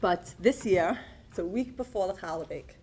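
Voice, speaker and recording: A woman giving a personal testimony at a conference, telling her story in an earnest, animated way. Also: lowish voice, moderate pace, background noise. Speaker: conference speaker. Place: conference hall.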